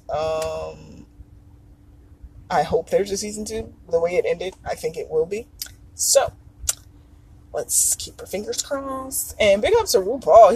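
Husky-voiced, swooping casual podcaster. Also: medium pitch, rough recording. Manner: loose, profane and expressive, full of fillers and asides. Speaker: podcast host. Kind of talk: casual solo podcast chat.

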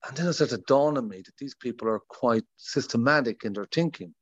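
A man hosts a podcast and talks in a rambling, loose way. His voice sits at a middle pitch. The recording is dull and dry, with no room sound. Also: animated, fairly quick, breathy edge, no room sound. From Ireland. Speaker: podcast host. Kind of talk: casual podcast interview.

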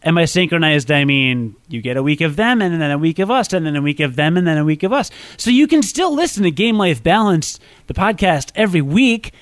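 A man's voice: a little high, no room sound. A man hosting a casual podcast, rambling and self-deprecating, with lots of fillers. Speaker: podcast host.

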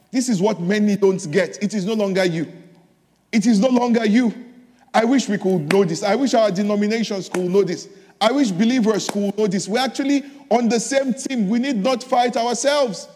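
A man's voice: high-pitched, moderate pace, a little mellow, long reverb tail. A man preaching a sermon, telling a story and exhorting his listeners with repeated phrases.

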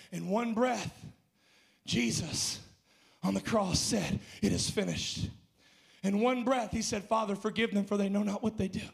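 High, gravelly man preaching with fire. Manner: impassioned, rising to shouts and dropping low. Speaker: pastor. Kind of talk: sermon. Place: church.

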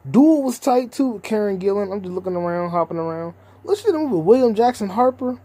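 Rambling profane young podcast host. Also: male voice, high voice, animated, fast talker, dark tone. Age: 20s. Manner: rambling, profane, free-associating. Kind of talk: casual solo podcast chat.

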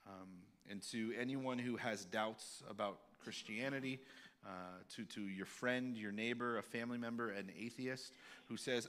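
A male pastor giving a sermon in a candid, halting way, with many fillers and restarts. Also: medium pitch, steady tone, a bit bright.

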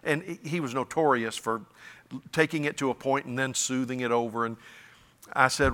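A man's voice: mid-range voice, normal speed, a bit bright, big-room sound. A man preaching a sermon as pastor in a folksy, emphatic way, with stammered restarts. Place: church sanctuary.

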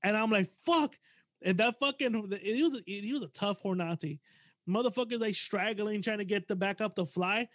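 A man's voice: sits high, normal speed, a bit bright, no room sound, clean studio sound. A man hosting a podcast, telling a story in a casual chat with lots of swearing and animation.

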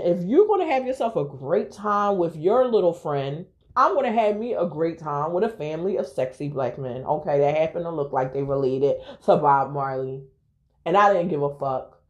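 A woman's voice: on the low side, muffled recording. A young woman hosting a podcast, telling a personal story in a frank, profane, candid way. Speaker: podcast host.

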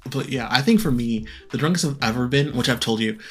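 A young man talking fast and loose on a casual podcast, rattling through stories. His pitch sits in an ordinary middle range, with light music faint behind him. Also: fairly bright tone. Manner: fast storytelling, acts out quoted voices. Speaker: podcast co-host. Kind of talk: casual chat.

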